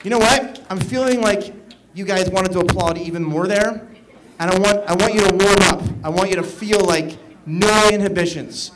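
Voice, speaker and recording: A man working as an event emcee, energetically leading a live audience in call-and-response chants and shouting to pump them up. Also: sits high, normal speed. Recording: live event with loud crowd and background noise. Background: crowd noise.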